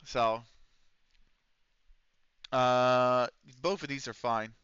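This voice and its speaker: Bright, crisp-voiced male streamer rambling. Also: mid-range voice, steady tone, extremely slow, dry recording, dull audio. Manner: rambling and loose, with many fillers and casual swearing. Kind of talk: casual live-stream commentary.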